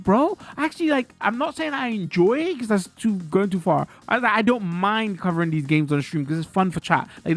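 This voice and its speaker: Gravelly man ranting to chat. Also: sits high, fairly bright tone. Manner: ranting, loose and frank with swearing. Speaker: game streamer. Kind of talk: casual live-stream chat.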